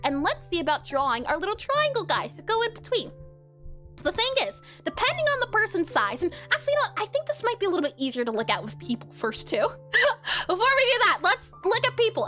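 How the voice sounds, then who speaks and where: A woman's voice: high voice, sharp tone. A woman streaming herself drawing pixel art, chatting casually with viewers and giggling often between fillers. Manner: giggly, bubbly, many fillers. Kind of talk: casual live-stream chat while drawing.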